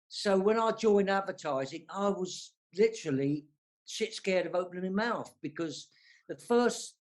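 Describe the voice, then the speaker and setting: A man in his sixties with a London accent, a guest chatting casually on a panel over a video call, self-deprecating and full of restarts. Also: high-pitched. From South London. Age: 60s.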